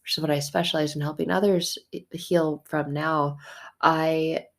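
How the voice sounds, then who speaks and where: Woman, recovery coach, low voice, expressive, emphatic, candid vlog talk. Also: normal speed. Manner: expressive, emphatic, swings from soft to heated. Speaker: emotional abuse recovery coach.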